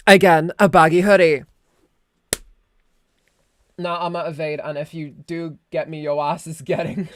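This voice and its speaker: A woman's voice: sits low, clear, resonant tone, dry recording. Chatty young woman streamer, dry mic. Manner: rambling, chatty, swears casually. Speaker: VTuber streamer. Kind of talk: casual live-stream chat.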